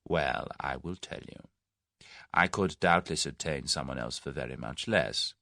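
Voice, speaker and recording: Oily, persuasive schemer in a storybook, put on by a male narrator, deep and gravelly. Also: measured pace, sharp tone, no echo, studio quality, full character voice. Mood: soft. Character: large smooth-talking older businessman, scheming.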